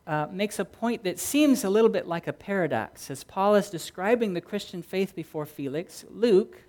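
At a normal speed, an animated middle-aged man preaches an earnest sermon full of stories, alternating loud emphasis with softer, low-key sections.

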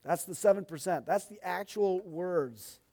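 High-voiced folksy male preacher. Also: a little slow, dark tone. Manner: folksy, chatty, asides to the congregation. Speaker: pastor. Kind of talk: sermon-style teaching.

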